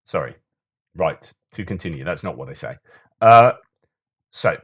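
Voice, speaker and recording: A man with a fairly low voice delivers solo commentary on the news. He keeps things conversational, trips over his words and restarts often, and slips into sarcastic asides. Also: animated, measured pace, long pauses, fairly bright tone, breathy edge.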